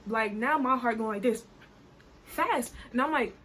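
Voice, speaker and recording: A woman from New Jersey telling a story time vlog in an animated, colloquial way, full of "I was like". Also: on the high side, unhurried, slight background noise. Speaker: vlogger.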